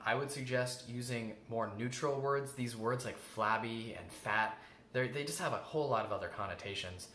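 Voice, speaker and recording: Bright-voiced man coaching in an echoey room. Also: medium pitch. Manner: earnest, repeats key phrases, acts out quoted self-talk. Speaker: host. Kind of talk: self-help coaching talk. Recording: echoey room with faint ambient noise.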